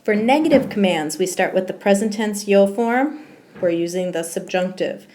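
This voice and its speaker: Teacher lady going over grammar rules, steady mid voice, says um a lot. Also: mid-range voice, normal speed. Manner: explains step by step, with frequent ums. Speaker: Spanish teacher. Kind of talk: recorded slideshow grammar lesson.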